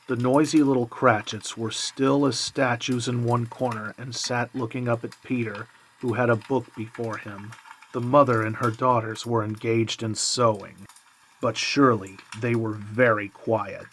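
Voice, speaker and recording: A man reading a classic novel aloud in a measured, calm way. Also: mid-range voice, slight background noise, poor audio. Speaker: reader.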